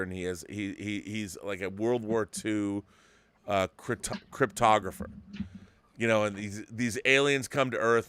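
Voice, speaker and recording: A man in his fifties hosting a casual talk show, telling a story with excitement and many restarts. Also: on the low side, smooth, no room sound. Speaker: host. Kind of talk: casual podcast chat.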